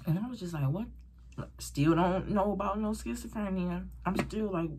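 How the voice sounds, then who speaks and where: A woman vlogger casually telling a story while eating, animated and rambling, acting out the voices of people she quotes. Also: medium pitch, normal speed, background noise. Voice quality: very breathy, husky.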